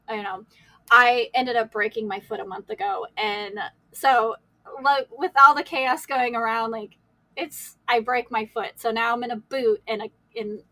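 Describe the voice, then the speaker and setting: A woman's voice: fairly high pitch, bright, forceful tone, no room sound, poor audio. A woman guest on a podcast, candidly telling her life story in a rambling way, with many "like"s and laughs. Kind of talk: emotional personal storytelling.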